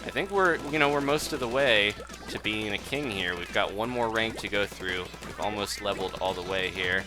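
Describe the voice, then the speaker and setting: A game streamer with a lowish voice talks at a moderate pace, offering chatty commentary as he plays live. Game music runs behind him as he laughs often and reads viewer messages aloud.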